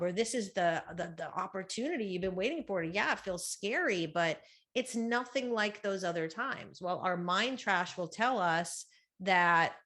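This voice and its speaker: A middle-aged woman with a loud, projecting voice, giving a chatty motivational talk at a women's conference. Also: fairly low pitch. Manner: chatty, with fillers and quick asides. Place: conference room, live talk.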